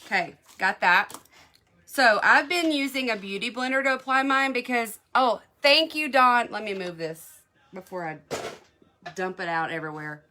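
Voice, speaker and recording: A woman's voice: fairly high pitch, moderate pace, bright, forceful tone, a little hiss or hum. A woman selling beauty products in a live makeup demo, chatty and gushing, answering viewer comments as she goes.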